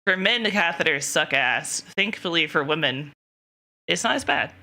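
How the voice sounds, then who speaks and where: A woman's voice: deep voice, lively intonation, normal speed, bright, forceful tone. A young woman streamer casually telling a rambling story to her chat, laughing often and quoting herself. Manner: giggly, rambling, lots of self-quoting.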